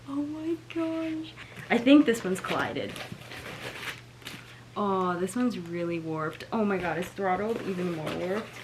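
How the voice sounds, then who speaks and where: A woman's voice: medium pitch, animated, slow pace. A young woman chats through a book unboxing at home, her voice in the middle of the range. She sounds let down and keeps saying "like" and "oh my gosh". Faint noise hums behind her. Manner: dismayed, lots of "like" and "oh my gosh". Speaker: book vlogger. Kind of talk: casual unboxing chat.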